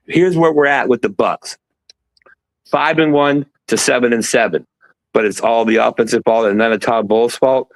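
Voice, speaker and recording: A man's voice: medium pitch, normal speed, no room sound, poor audio. A man hosting a sports livestream, delivering a furious, profane and confrontational rant. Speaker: sports show host.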